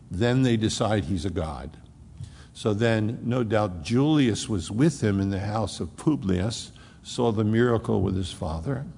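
Folksy preacher man, gravelly voice. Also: on the low side, darkish tone, long reverb tail, slight background noise. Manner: folksy storytelling preaching with casual asides. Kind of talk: sermon.

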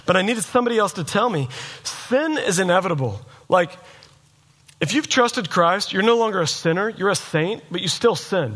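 A man preaches with a bright, forceful voice that sits a little high for a male speaker. He talks casually and tells a personal story, slipping into the voices of the people in it. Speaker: pastor.

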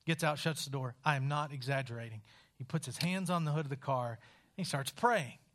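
A man from West Virginia preaching a sermon in a wry, conversational storytelling style with dramatic pauses. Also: medium pitch, a bit bright.

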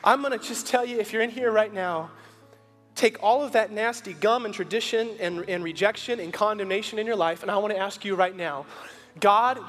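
Man, pastor, sermon, high voice, hushed to forceful, long hall echo. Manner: shifts between hushed, slow storytelling and rising, forceful appeals; acts out the Bible characters' lines in a casual, buddy-like voice.

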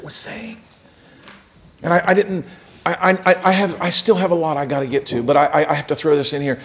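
A male preacher with a high-set voice gives a sermon and puts questions straight to his listeners. He swings from loud, emphatic passages down to near-hushed ones. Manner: speaks directly to listeners with questions.

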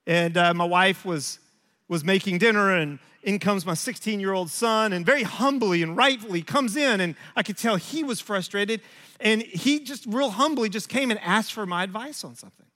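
A man's voice: high voice, normal speed, bright, forceful tone. A man in his forties preaching a sermon as a pastor, telling stories about himself in a conversational, self-deprecating way. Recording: long hall reverb.

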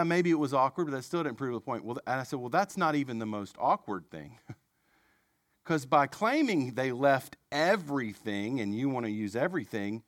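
Animated man telling a sermon story. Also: mid-range voice, no room sound, studio quality. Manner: conversational and animated, with self-deprecating asides. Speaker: preacher.

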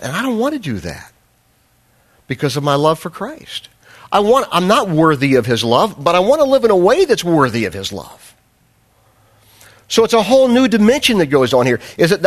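A man preaching a sermon as a pastor, telling a self-deprecating personal story with humor, then pressing his point with earnest, fervent emphasis. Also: high voice.

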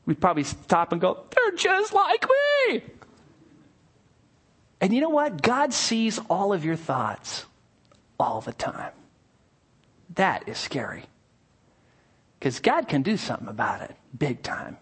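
A male pastor delivers a sermon in a lively, sing-song voice that climbs and dips widely. He drops to near-hushed asides, then bursts out excitedly. He acts out little scenes with playful voices. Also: fairly high pitch, unhurried, pauses often, breathy edge.

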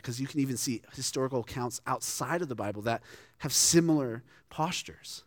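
A man's voice: mid-range voice, lively intonation, fast, no echo, clean studio sound. A man preaching a sermon in an earnest, conversational way, often restarting his sentences. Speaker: pastor.

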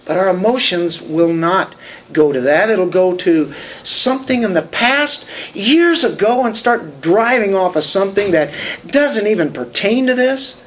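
A man's voice: sits high, lively intonation, measured pace, a bit bright. A man preaching a sermon, talking conversationally and asking the congregation questions. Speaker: pastor.

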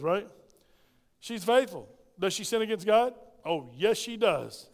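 High-voiced emphatic male pastor. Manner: emphatic, asks the congregation questions. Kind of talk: sermon. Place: church. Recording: reverberant church hall.

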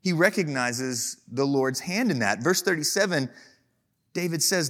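A man from Texas preaching a sermon as pastor, casual and animated, telling playful stories with humor. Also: a little high, normal speed.

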